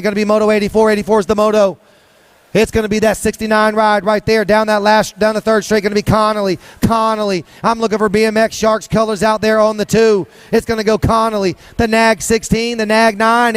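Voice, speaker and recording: High-pitched rapid-fire race announcer man. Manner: rapid-fire rhythmic calling, sing-song hype. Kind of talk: live BMX race commentary. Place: outdoor race track.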